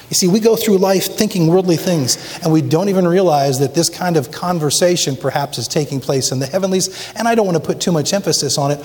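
A man's voice: high-pitched, darkish tone. A male pastor preaching emphatically in a church, asking the congregation rhetorical questions. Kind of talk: sermon. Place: church sanctuary. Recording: long church reverb.

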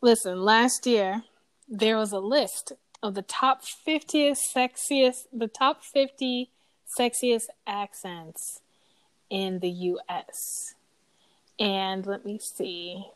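A woman's voice: medium pitch, takes it slowly, clear, resonant tone, no room sound, low-quality recording. A woman from Boston chatting casually and animatedly, laughing often and drawing words out for emphasis. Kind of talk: casual chat.

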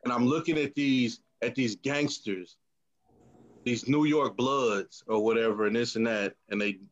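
A man co-hosting a podcast in casual chat, relaxed and rambling, asking questions. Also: mid-range voice, measured pace, lo-fi sound. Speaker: podcast co-host.

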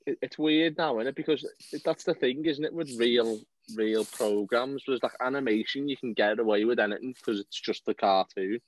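A man's voice: medium pitch, normal speed, few pauses, dry recording, rough recording. A man with a nasal voice, co-hosting a podcast, telling stories animatedly and swearing freely. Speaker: podcast co-host. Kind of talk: casual chat.

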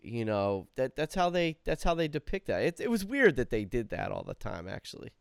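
A man's voice: mid-range voice, big pitch swings, fairly quick, vocal fry, clean tone, dry recording, studio quality. A man casually chatting as podcast co-host about a TV episode, swearing and laughing easily.

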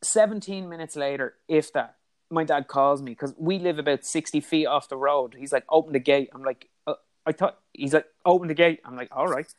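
Irish man telling his story haltingly. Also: on the high side, steady tone. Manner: candid, halting, with frequent restarts and quoted dialogue. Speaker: guest. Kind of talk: personal storytelling in an interview.

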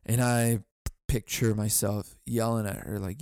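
A man's voice: on the low side, steady tone, measured pace, a little mellow, clean tone, no echo, clean studio sound. A young man hosting a solo comedy podcast, telling rambling stories full of swearing. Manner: profane rambling storytelling. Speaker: podcast host.

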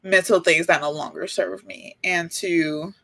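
A woman's voice: on the low side, steady tone, a little slow, creaky, a bit bright. Reflective woman in rambling chat. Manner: reflective, rambling, heavy on "like" and "you know". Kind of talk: casual chat.

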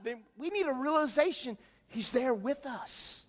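A middle-aged man preaches in a folksy, conversational style, with a very high-pitched voice. He keeps checking in with his congregation, and his words ring out with a long reverb in a church sanctuary. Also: expressive, normal speed, fairly bright tone. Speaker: pastor. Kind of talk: sermon.

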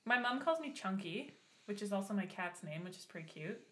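A woman's voice: medium pitch, expressive, fairly quick, fairly bright tone. A woman chatting casually with friends in a laid-back, offhand way. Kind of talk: casual chat.

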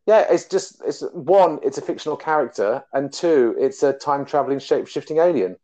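Animated man in casual chat, lo-fi. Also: on the high side, a little fast. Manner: animated, laughs often. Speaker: podcast host. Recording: dull lo-fi sound.

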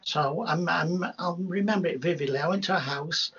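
A man, a hypnotherapist, telling rambling, animated anecdotes in a casual interview, with many restarts. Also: fairly high pitch, moderate pace, slightly rough. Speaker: hypnotherapist guest. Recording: dull lo-fi sound.

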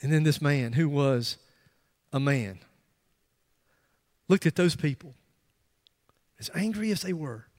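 A middle-aged man preaching a sermon in a church, telling a story with animated emphasis and frequent restarts. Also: on the high side, slow, pauses often. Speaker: pastor. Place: church sanctuary. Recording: long reverb of a large hall.

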